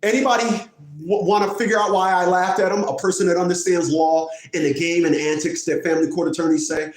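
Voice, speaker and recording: A man telling a courtroom story as a family court advocate, acting out the other people in the story with high, exaggerated voices and mocking the listener. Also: little pitch movement, fast. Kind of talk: animated storytelling rant. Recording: echoey room.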